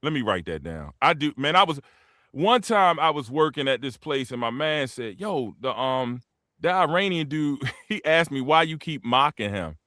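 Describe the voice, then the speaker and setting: A man's voice: on the high side, normal speed, no echo, clean studio sound. A man hosting a podcast, telling stories in a casual, slangy, profane way and acting out the people he quotes with laughs. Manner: animated, acts out quotes with laughs. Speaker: podcast host. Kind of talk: casual storytelling chat.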